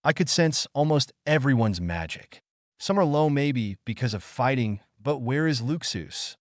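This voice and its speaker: Guy doing hotheaded young ninja dude, lively ups and downs, dry sound. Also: mid-range voice, unhurried, dry recording, pitched above the performer's own voice, lightly acted. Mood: thinking. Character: brash young male ninja, hot-tempered and protective.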